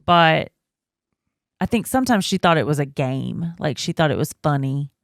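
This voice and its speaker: Woman, 30s, podcast co-host, gravelly voice, dry close sound, chatty storyteller. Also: low-pitched, expressive, normal speed, no echo. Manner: storytelling, laughs often, many fillers. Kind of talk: casual chat.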